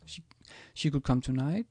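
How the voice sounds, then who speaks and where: A man's voice: fairly high pitch, warm tone, no echo, studio quality. A man teaching a language in a casual screencast, hesitant, with many ums and restarts as he types examples. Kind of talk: screencast lesson, typing examples.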